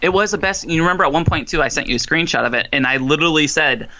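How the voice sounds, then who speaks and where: A man's voice: on the high side, racing, sharp tone, lo-fi sound, a little hiss or hum. A young adult man co-hosting a movie review podcast in casual chat, thoughtful, with some hesitant restarts and chuckles.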